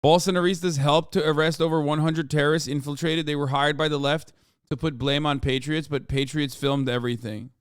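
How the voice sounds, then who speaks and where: A man's voice: fairly high pitch, steady tone, a little fast, clean tone, no room sound. Guy ranting sarcastically on a stream, swears a lot, clean dry mic. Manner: sarcastic, profane, mocking. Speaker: streamer reacting to news clips. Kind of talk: casual livestream commentary.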